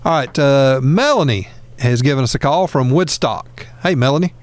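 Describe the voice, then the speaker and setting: Chatty talk radio host. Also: male voice, mid-range voice, moderate pace. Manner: casual, rambling with fillers and restarts. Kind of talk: conservative talk radio chat.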